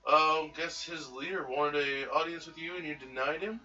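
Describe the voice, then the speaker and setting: A man's voice: fairly high pitch, normal speed, very noisy. A man playing a tabletop game in character, talking hesitantly with frequent fillers. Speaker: player. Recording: distant, dull lo-fi mic with faint music.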